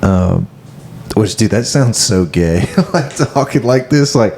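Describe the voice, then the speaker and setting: A young man co-hosting a podcast in casual chat, halting and reflective, full of fillers. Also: lowish voice, animated, a little mellow, a little hiss or hum. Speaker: podcast co-host.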